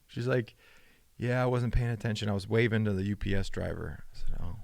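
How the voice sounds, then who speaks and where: A man's voice: a little fast, vocal fry, clear, resonant tone, no echo. A man co-hosting a podcast, chatting casually and acting out the voices in his stories. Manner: animated storyteller, acts out quoted dialogue with rising pitch. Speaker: podcast co-host. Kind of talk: casual chat.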